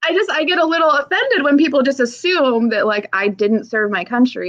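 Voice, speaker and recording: A woman in her thirties from the Pacific Northwest, USA, an army veteran, speaks frankly and emotionally as a podcast interview guest, swearing casually and laughing often. Her voice is on the high side, fairly bright and a little fast, with the highs cut off.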